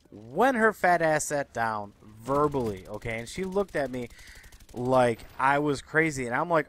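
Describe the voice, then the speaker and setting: Profane ranting man, fast and high. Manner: profane, exasperated, animated ranting. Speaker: commentary vlogger. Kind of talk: ranting storytelling monologue. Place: Chicago area.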